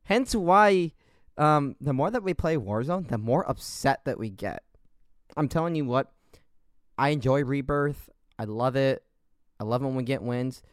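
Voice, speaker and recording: A man's voice: medium pitch, expressive, measured pace, no echo, clean studio sound. Laid-back man hosting a podcast. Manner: rambling, laughing storyteller. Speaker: podcast host. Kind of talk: casual gaming podcast chat.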